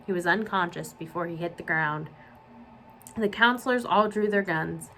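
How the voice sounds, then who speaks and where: A woman children's librarian reading a novel aloud to young listeners. Her storytelling is clear and steady, and her pitch sits in an ordinary middle range. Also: a little hiss or hum, low-quality recording.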